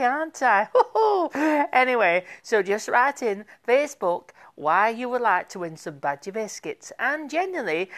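Woman, comic radio DJ host, theatrical and gushing, mid pitch, lots of asides. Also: fairly bright tone. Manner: chatty, theatrical, gushing, with asides to an off-mic helper. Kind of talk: comic community radio DJ patter.

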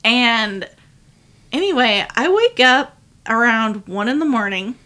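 A woman co-hosting a casual podcast, telling a story in an animated way and swearing freely. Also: on the high side, takes it slowly. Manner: animated, swears freely, loud when retelling. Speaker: podcast co-host.

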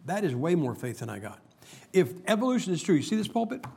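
A man's voice: high voice, big pitch swings, quick pace, gravelly, warm tone, husky. A man preaching a humorous sermon, telling stories and making emphatic points with jokes. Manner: joking, storytelling, emphatic preacher.

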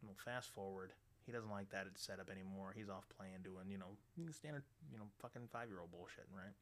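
A middle-aged man hosting a radio show, ranting bluntly and swearing constantly, loud and animated. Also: deep voice, brisk. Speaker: radio host. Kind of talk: profane ranting monologue.

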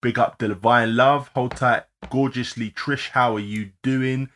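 A man co-hosting a live-streamed podcast, rattling off listener shout-outs and laughing often. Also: mid-range voice, fairly even intonation, measured pace. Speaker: podcast co-host.

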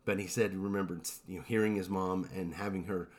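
A man co-hosting a podcast, telling eerie stories in a relaxed, rambling way with lots of fillers. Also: deep voice, fast talker. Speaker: podcast co-host. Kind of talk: casual storytelling chat.

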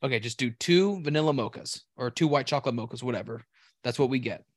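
A man in casual chat who rambles through a story, swearing freely and tripping over his own restarts. His voice sits at a middle pitch. The recording is dry and close. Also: fast, no room sound. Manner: rambling, profane, restarts often.

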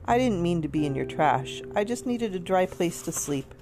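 A woman reading aloud, voicing a gentle, polite female service dog who speaks earnestly. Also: fairly low pitch, animated, moderate pace. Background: soft guitar music.

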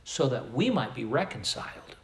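A man's voice: medium pitch, sing-song, echoey room. A man from the American Midwest preaching a sermon, emphatic, with volume that swells and drops. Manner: slow, emphatic preaching with rising and falling volume. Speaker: pastor.

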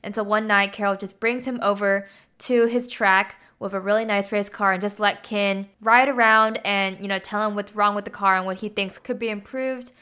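A woman's voice: medium pitch, fairly even intonation, normal speed, sharp tone, clear, resonant tone. A woman casually retelling a film plot, chatty and peppered with 'like' and 'you know'.

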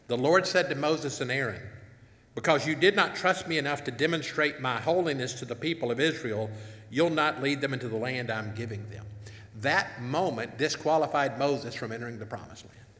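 A man's voice: mid-range voice, bright, forceful tone. A man preaching a sermon and reading scripture aloud, earnestly putting questions to his congregation, on a wireless mic in a church hall. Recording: echoey hall with long reverb.

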